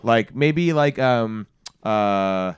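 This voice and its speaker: A man's voice: on the low side, expressive, extremely slow, clean tone, dry recording, studio quality. A man co-hosting a podcast, rambling through casual chat, laughing often and swearing freely. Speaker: podcast co-host.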